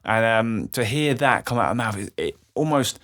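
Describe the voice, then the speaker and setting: A man's voice: lowish voice, expressive, normal speed, a bit bright. A young man, a podcast guest telling a candid personal story with emotion, swearing freely. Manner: emotional, swears freely, acts out quoted voices.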